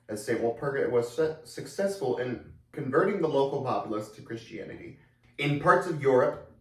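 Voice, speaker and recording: A man reads facts aloud in a casual, unpolished way and keeps dropping in offhand, crude jokes. He sits some distance from the mic, so his voice rings around an echoey room. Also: medium pitch. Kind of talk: casual reading aloud with commentary.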